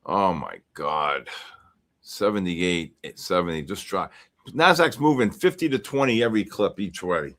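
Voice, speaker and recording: A man hosting a live futures trading stream, commenting casually and excitedly on the market. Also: low voice, a little slow. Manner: excitable, exclaiming and talking to himself over charts. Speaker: livestream trading host.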